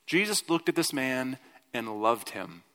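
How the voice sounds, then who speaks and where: A man preaches in a loose, conversational way, slipping into quoted voices and circling back on his own sentences. His voice sits at an ordinary middle pitch. The sound carries the long reverb of a church hall. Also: measured pace. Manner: conversational, animated quoting, frequent "like" and restarts. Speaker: pastor. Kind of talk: sermon.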